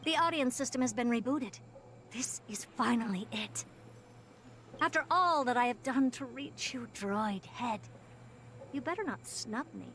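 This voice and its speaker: A haughty genius scientist. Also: female voice, on the high side, lively intonation, measured pace, a bit bright, big-room sound, a little hiss or hum. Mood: imperious. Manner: imperious and sardonic. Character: haughty, sharp-tongued genius woman scientist. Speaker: game character. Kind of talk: game voice acting.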